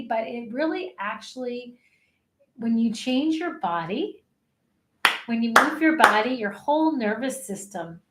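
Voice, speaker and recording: A woman life coach leading an energetic online session, cheering people through spoken affirmations. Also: a little high, echoey room. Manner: upbeat, encouraging, leads chanted affirmations. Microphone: webcam.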